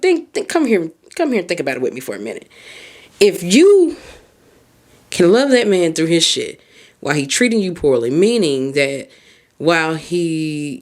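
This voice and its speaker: Emphatic woman podcast host. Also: low-pitched. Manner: emphatic, colloquial, talks straight to the listener. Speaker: podcast host and mindset coach. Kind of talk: casual motivational monologue.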